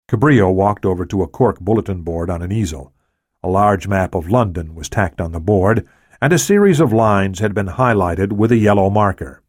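A man narrating an audiobook in a steady, even reading. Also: low voice, moderate pace, no echo, studio quality.

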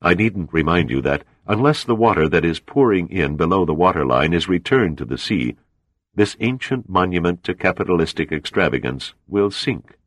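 A man voicing a suave, cold Soviet officer who talks with unhurried, mocking menace. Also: low-pitched, animated, dry recording.

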